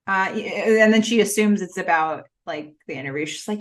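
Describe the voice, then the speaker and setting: A woman co-hosting a podcast, chatting casually about a TV episode and acting out the characters' lines in quick bursts. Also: lowish voice, a bit bright. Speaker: podcast co-host. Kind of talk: casual TV recap chat.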